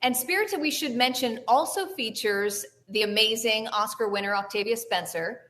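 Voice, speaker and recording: A woman's voice: fairly high pitch, moderate pace, fairly bright tone. A woman hosting a news show, chatting in a friendly, conversational way with a correspondent. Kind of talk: casual news chat.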